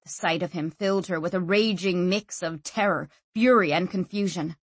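Husky-voiced woman reading an audiobook. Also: lowish voice, moderate pace, dry recording. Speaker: audiobook narrator. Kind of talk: scripted fantasy audiobook narration.

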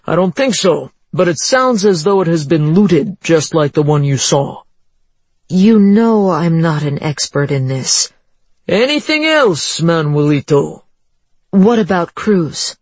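A narrator reading the lines of a male police lieutenant, brisk and businesslike, giving orders to an officer. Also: mid-range voice, lively intonation, breathy edge, dry recording, exaggerated voice.

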